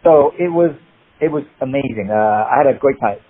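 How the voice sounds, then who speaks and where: A man telling animated, rambling stories in an interview. His voice is husky and comes through a thin, phone-like line. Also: medium pitch, fairly quick. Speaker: guest, martial arts actor. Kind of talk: anecdotal interview chat.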